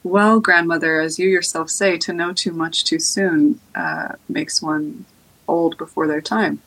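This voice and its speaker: A woman's voice: sits low, fairly even intonation, unhurried, a bit bright, full character voice. Woman voicing a flustered young girl. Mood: polite. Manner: flustered, stammering when panicked. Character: young girl apprentice, wise, anxious.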